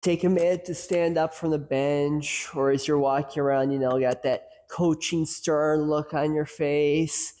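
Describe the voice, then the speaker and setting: A man's voice: on the high side, fairly even intonation, unhurried, hardly any pauses, warm tone. A man hosting a casual coaching lesson, joking and acting out little asides as he talks, with long hall reverb. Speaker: host and coaching educator. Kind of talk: casual educational talk.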